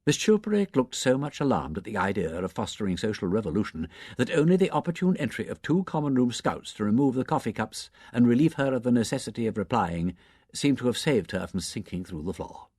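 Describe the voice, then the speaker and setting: A man narrating an audiobook in an expressive, animated way. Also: mid-range voice, a little fast, slightly rough, no echo, clean studio sound. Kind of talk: scripted narration.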